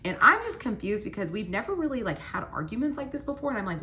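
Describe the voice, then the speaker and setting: A woman's voice: fairly high pitch, very animated, fast talker, bright, forceful tone, a little hiss or hum. A young woman telling a personal story in a casual, chatty way, full of "like" fillers and acted-out dialogue. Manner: chatty, frequent "like" fillers, acts out quoted dialogue.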